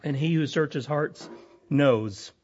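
Pastor, male, higher voice, lively preaching swinging emphatic to hushed; lo-fi church recording. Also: slow, breathy edge. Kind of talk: sermon. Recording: lo-fi dull sound.

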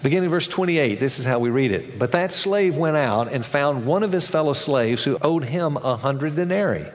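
A man's voice: animated, normal speed, big-room sound, muffled recording. A male pastor preaching a sermon, acting out the people in a parable with changes of voice. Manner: acts out characters in a story, shifting pitch for each.

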